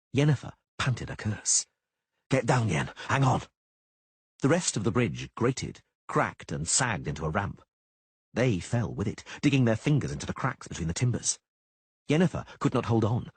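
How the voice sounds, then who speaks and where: A man reading an audiobook in a dramatic, expressive manner. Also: on the low side, slightly rough, dry recording. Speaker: audiobook narrator.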